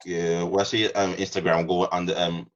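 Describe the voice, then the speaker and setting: Young male co-host, deep-ish voice on a muffled mic, blunt jokey banter. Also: little pitch movement, moderate pace. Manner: blunt, joking, slang-heavy. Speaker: podcast co-host. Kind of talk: casual chat. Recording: dull lo-fi sound.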